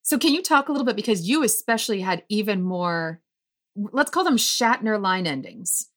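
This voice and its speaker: A woman in casual conversation about plays she has read aloud, animated and laughing often as she acts out quoted lines. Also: medium pitch, moderate pace. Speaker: podcast co-host discussing plays. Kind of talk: casual chat.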